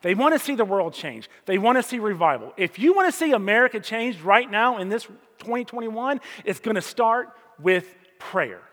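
A man's voice: sits high, big pitch swings, normal speed, hardly any pauses. Conversational male pastor in a reverberant hall. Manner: conversational preaching, swings between loud emphasis and quiet asides. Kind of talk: sermon.

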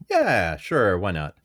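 A man with a lowish voice talks over a movie plot on a podcast. He wanders through it with fillers and restarts and laughs often, and his pitch swings widely. The sound is close and dry. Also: no room sound. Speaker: podcast host summarizing a movie. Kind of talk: casual movie podcast chat.

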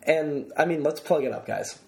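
A young man hosting a podcast, telling stories in an excitable, casual way and swearing freely. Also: fairly high pitch, moderate pace, gravelly. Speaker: podcast host.

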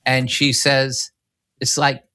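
Podcast guest, male, bright, mid-pitched, rambling storyteller who restarts sentences. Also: completely flat delivery, slow. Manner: rambling, with many restarts and self-corrections. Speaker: filmmaker guest.

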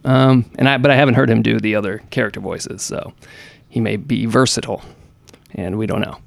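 A man's voice: lowish voice, steady tone, brisk, gravelly, no room sound. A man co-hosting a podcast, chatting casually about gaming news in a rambling, hesitant way full of fillers and restarts. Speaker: podcast co-host.

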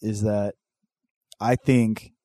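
A man co-hosting a casual chat, swearing often and teasing his friend in an excitable way. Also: on the low side, drawn-out words, no room sound, clean studio sound. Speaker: podcast co-host.

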